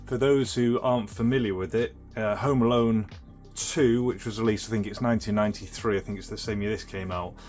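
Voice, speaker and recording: Low-voiced man demoing retro toys. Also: fairly even intonation, fairly quick, darkish tone. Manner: rambling, with many fillers and restarts. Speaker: retro toy restorer and channel host. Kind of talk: casual show-and-tell demo.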